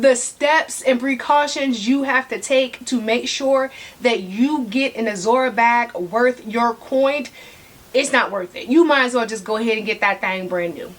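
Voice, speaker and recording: A woman's voice: fairly high pitch, fairly bright tone. A woman vlogger giving casual advice to camera, chatty and prone to tangents, repeating points for emphasis and addressing her viewers directly.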